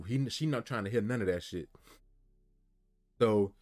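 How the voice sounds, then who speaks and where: Heated man with a low voice. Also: unhurried, a little mellow. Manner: heated, repetitive, frequent "you feel me". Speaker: commentator retelling a news story. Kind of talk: casual spoken commentary.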